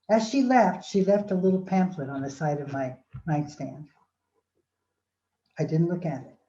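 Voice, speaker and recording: An older woman telling a personal story dramatically, acting out voices and swinging between loud and soft. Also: lowish voice, expressive, normal speed. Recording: roomy, dull sound.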